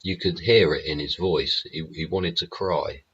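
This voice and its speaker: A man with an extremely deep, husky voice delivers a rambling live-stream monologue. His tone is sharp and forceful, and he swears bluntly throughout. The audio is dull and lo-fi. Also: unhurried. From England. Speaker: show host.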